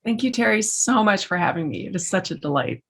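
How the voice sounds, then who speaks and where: A woman, a guest in an interview, chatting in an animated, storytelling way about her work as a musician and entrepreneur. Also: medium pitch, a little fast, husky. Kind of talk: casual interview chat.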